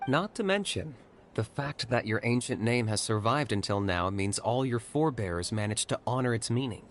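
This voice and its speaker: A man voicing a calm, level-headed young hero in a video game. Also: mid-range voice, normal speed, a little hiss or hum, close to an everyday voice. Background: game music.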